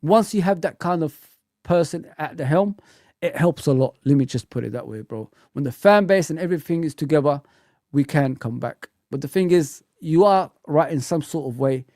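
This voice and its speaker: A man's voice: a little high, expressive, moderate pace, darkish tone, dry recording, studio quality. A man hosting a live football fan stream, teasing viewers, bantering and swearing often. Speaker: football fan channel host.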